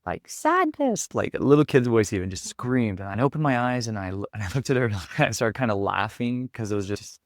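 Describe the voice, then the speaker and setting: Talking fast with hardly any pauses, a performance coach on a podcast candidly reflects on his experience in a fairly low, gravelly voice. He leans heavily on casual fillers, and the audio is close and dry without any room echo.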